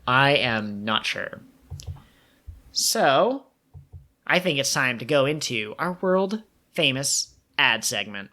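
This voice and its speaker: A woman co-hosting a podcast in casual chat, animated and laughing often as she riffs on theories. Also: extremely low pitch, takes it slowly, pauses often. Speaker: podcast co-host.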